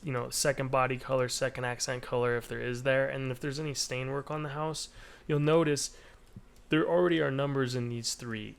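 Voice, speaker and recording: A man's voice: mid-range voice, creaky, a bit bright, clear, resonant tone. A man casually walking through a painting estimate spreadsheet in a screen recording, explaining step by step with frequent fillers. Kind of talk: screen-recorded software walkthrough.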